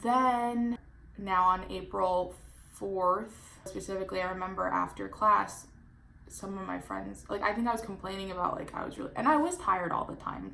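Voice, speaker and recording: A woman in her twenties telling a casual storytime vlog, chatty and animated, full of "like" fillers. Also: mid-range voice, normal speed, creaky, slight background noise. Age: 20s. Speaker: vlogger.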